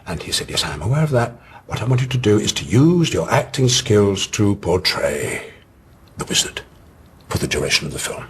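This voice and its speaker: A man playing a pompous older actor, explaining his craft in a slow, patronizing, theatrical way, in a scripted comedy scene. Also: on the low side, big pitch swings. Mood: condescending. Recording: faint background noise.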